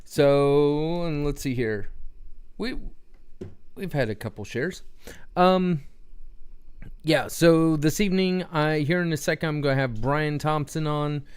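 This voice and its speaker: A man's voice: a little high, measured pace, pauses often, clear, resonant tone. A man hosting a casual livestream, rambling and talking straight to viewers in the chat with questions. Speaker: livestream host.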